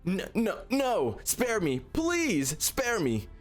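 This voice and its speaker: A man doing a shrill begging old bishop. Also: sing-song, drawn-out words, husky, soft background music, full character voice. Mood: pleading. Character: cowardly older male bishop begging for life.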